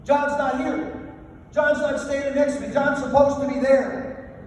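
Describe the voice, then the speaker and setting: A man's voice: very high-pitched, little pitch movement, measured pace. An older man giving a humorous motivational after-dinner speech, telling self-deprecating stories. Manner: anecdotal, self-deprecating storytelling. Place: banquet hall. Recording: echoey hall from far off, faint noise.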